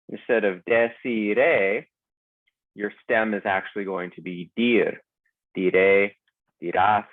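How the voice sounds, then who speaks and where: Male teacher, low voice, patient drilling, dry and narrow lo-fi sound. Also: no room sound. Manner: slow, careful drilling of verb forms. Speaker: Spanish teacher. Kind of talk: recorded grammar lesson.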